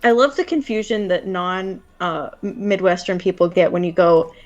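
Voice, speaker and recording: A woman's voice: fairly low pitch, moderate pace, dull audio. Casual Wisconsin woman, filler-heavy chat.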